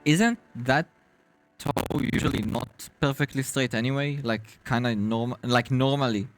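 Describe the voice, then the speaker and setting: A male VTuber streamer chatting casually with his viewers, animated, laughing often and swearing freely. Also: medium pitch, measured pace, faint music behind. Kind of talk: casual live-stream chat.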